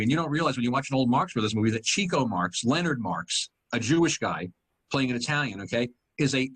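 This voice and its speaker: A man in his sixties, a guest comedian telling stories in a casual chat, quick and animated. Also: medium pitch, slightly rough. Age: 60s.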